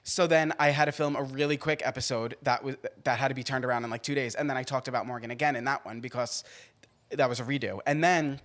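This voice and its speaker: A young man from Long Island, chatting on a podcast. His voice rises and falls a lot, and he leaps into loud, high-pitched shrieks whenever he acts out a scene. His storytelling is animated, quick and playful. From Long Island, New York. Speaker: podcast co-host. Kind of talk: casual chat.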